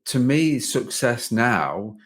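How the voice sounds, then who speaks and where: A man's voice: mid-range voice, sing-song, slow. A man hosting a coaching podcast, talking in a loose, rambling way with many restarts and fillers. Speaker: podcast host and business coach. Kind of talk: casual conversational interview.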